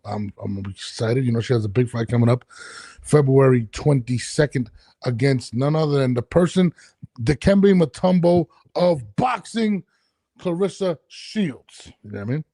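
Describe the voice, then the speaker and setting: A man hosts a podcast from his home studio, ranting casually and animatedly with plenty of swearing. His medium-pitched voice is husky and a little fast. He uses studio headphones and a mic, and the recording is dry.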